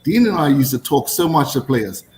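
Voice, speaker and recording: A man who used to play cricket, telling animated stories in casual chat and repeating phrases for emphasis. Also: mid-range voice, moderate pace, roomy sound, slight background noise, poor audio. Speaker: former cricketer.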